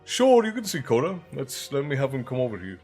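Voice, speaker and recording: A man's voice: medium pitch, wildly swooping pitch, a little fast, a little mellow, soft background music. Chatty male streamer. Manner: chatty, reads chat aloud and thanks viewers. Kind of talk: casual live-stream chat.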